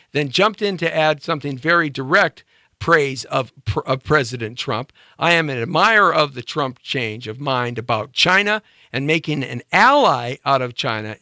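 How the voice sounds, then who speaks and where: Animated high-voiced man hosting a monologue. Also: no room sound, clean studio sound. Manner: emphatic, rhetorical, repeats questions. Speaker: show host. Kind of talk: opinion monologue.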